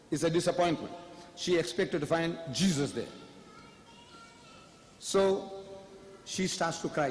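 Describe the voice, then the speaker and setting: A man's voice: on the high side, reverberant, long reverb tail, a little hiss or hum. A man giving a public debate lecture, firing rhetorical questions at the audience with emphasis.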